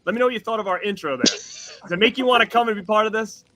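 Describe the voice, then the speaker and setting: A man hosting a live stream from outdoors at night, excitable and calling out shout-outs to the chat. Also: high-pitched, fast. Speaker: host.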